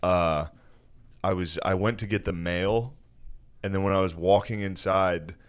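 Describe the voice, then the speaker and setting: A man's voice: deep voice, measured pace, smooth. A man in his thirties co-hosting a podcast, telling stories in profane, joking banter and laughing often. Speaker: podcast co-host. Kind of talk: casual chat.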